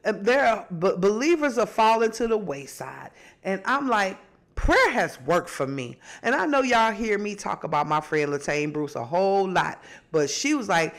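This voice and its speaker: A woman's voice: medium pitch, a little slow. A woman hosting her own podcast, reacting to clips in a casual, preachy way, a little stuffy from allergies. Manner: animated, preachy, sings a phrase, mimics voices. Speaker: podcast host. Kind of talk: casual commentary.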